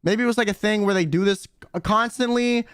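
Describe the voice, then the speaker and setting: A man's voice: sits high, a little fast, fairly bright tone, clear, resonant tone, no room sound, clean studio sound. A young man streamer telling a story casually, rambling and swearing with many fillers. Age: young adult. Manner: rambling, profane, lots of "like" and "um".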